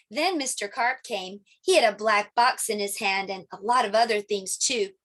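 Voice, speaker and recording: A middle-aged woman preschool teacher reading a picture book aloud to young children, animated and playing sound effects. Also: medium pitch, normal speed, few pauses.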